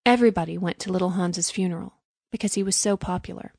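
A woman narrating a storybook in a measured, clear reading. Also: lowish voice, a little mellow, dry recording, clean studio sound.

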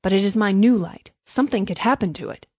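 A woman's voice: mid-range voice, fast talker, darkish tone, no echo, close to an everyday voice. A woman voicing a hearty, selfish miller. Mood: pleading. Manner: hearty, self-serving pronouncements. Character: greedy, smooth-talking male miller.

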